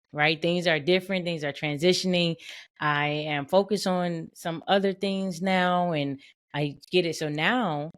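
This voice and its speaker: A woman hosting a motivational podcast as a boundaries coach, speaking emphatically, repeating points and checking in with "right?". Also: low-pitched. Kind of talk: motivational solo podcast talk.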